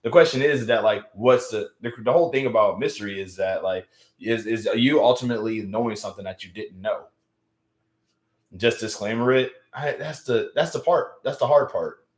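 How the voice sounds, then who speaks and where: A man's voice: lowish voice, moderate pace. Rambling young man in an echoey room. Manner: rambling, many restarts and fillers. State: feeling unwell. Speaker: livestream host. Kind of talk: casual live-stream chat.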